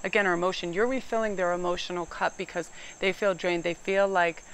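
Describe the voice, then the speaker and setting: A woman's voice: lowish voice, fairly quick, a little hiss or hum. Chatty New woman reading tarot outdoors. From New England. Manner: chatty, animated, gets loud and emphatic. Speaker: tarot reader. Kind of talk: casual tarot reading chat.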